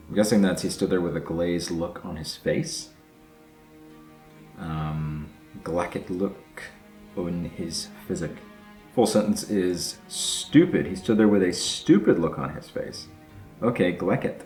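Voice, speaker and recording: Low-voiced guy doing a chatty language vlog, puzzling over words out loud, roomy echo, soft music behind. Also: lively intonation, a little slow, long pauses. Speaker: vlog host, language learner. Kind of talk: casual explainer vlog. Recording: echoey room with faint music.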